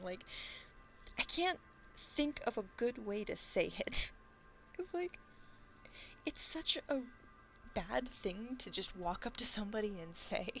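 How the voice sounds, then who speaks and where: Casual woman chatting while drawing, some vocal fry, dull lo-fi mic, soft music behind. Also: medium pitch. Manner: rambling, laughs often, acts out quick voices. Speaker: content creator.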